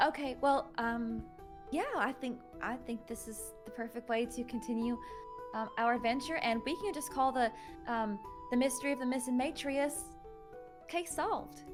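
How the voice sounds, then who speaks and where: Woman player, slightly high voice, chatty and hesitant, music clearly behind. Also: moderate pace. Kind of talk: casual in-character play.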